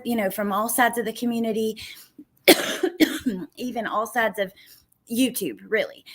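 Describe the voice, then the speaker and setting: A woman hosting a true crime livestream from home, chatting casually, greeting viewers by name and laughing easily. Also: fairly high pitch. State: a little out of breath. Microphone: computer mic at desk.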